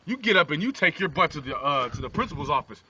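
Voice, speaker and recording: A man's voice: medium pitch, a little fast, sharp tone. A man voicing a stern female teacher who lectures and scolds indignantly, on a distant lo-fi phone video.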